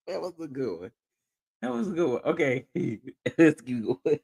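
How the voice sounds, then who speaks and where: Slow, animated man reacting with disbelief. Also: fairly high pitch, gravelly, breathy edge. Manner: incredulous and amused, laughing often. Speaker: commentary host. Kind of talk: reaction commentary.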